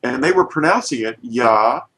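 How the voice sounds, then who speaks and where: A man's voice: medium pitch, lively intonation, unhurried, a bit bright, poor audio. A man teaching an informal lesson, pointing at letters and explaining with emphatic, restarting speech.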